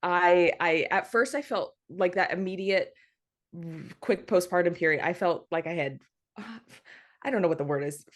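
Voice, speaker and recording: A young woman telling her home birth story in a casual interview, animated, laughing often, with plenty of fillers and restarts. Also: on the low side, moderate pace. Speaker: podcast guest.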